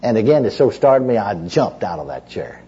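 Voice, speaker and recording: Male preacher telling his testimony from the pulpit, folksy and rambling, animated swinging pitch, muffled old recording. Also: brisk, husky. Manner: folksy storyteller, repeats "you know", restarts often. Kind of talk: sermon with personal testimony.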